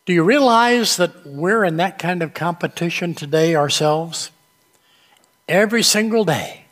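A man preaching a sermon, telling a story slowly with dramatic pauses. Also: high-pitched, fairly bright tone. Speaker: pastor. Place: church sanctuary. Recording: long reverb of a large sanctuary.

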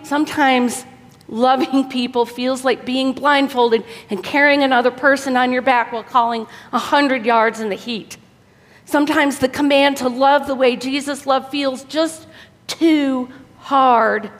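An earnest woman preacher exhorts her listeners, with her voice pitched a little high. She often drops to a soft tone to land a point. Her words ring out under a long hall reverb. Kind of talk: sermon.

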